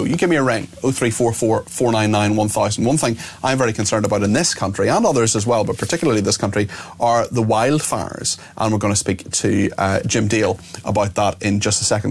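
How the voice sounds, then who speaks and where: A gravelly-voiced man hosts a talk radio show from the studio, sitting a little low in his register. He is opinionated and indignant, and he keeps throwing rhetorical questions at his listeners.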